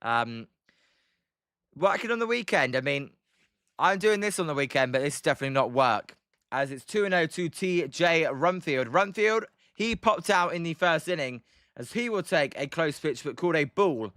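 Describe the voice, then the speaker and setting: British male streamer, casual play-by-play, bright, slightly high voice, dry close sound, filler-heavy. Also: animated, moderate pace, no room sound. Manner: chatty, many ums, reads chat aloud. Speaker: livestream host doing play-by-play. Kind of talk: casual live commentary with chat replies.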